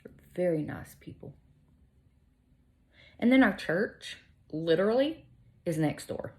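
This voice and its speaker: A woman's voice: lowish voice, expressive, takes it slowly, mellow. A middle-aged woman, chatting casually and self-deprecatingly through her makeup routine, sometimes dropping to a whisper. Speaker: beauty vlogger. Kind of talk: casual makeup tutorial chat.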